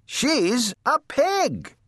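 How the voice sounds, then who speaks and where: A man voicing a stubborn, bossy elderly woman who shouts indignantly and emphatically. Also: mid-range voice, wildly swooping pitch, slow, slightly rough, no echo, clean studio sound, voice pushed up, heavily acted. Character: bossy, stubborn older lady sister.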